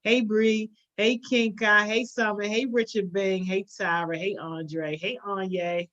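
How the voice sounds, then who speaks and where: A woman's voice: medium pitch, steady tone, unhurried, a bit bright, muffled recording. A woman hosting a live stream, upbeat and casual, greeting viewers one by one. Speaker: host.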